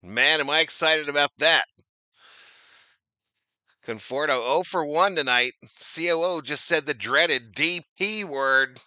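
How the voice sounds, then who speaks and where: A man's voice: a little high, measured pace, sharp tone, no room sound. A man giving casual, slangy fan play-by-play of a baseball game, laughing often and reading chat comments aloud. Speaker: live-stream baseball commentator.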